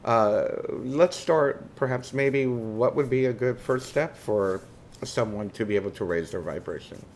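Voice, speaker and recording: A man's voice: mid-range voice, measured pace, a little mellow, slight background noise. A man hosting a casual interview, hesitant and searching for words with many uhs. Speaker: interview host.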